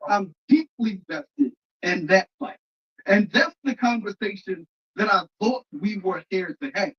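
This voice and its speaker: Debater in a played clip: mid-pitched voice, earnest and deliberate, with slightly muffled audio. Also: fairly bright tone. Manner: deliberate, repeats words as they build a point.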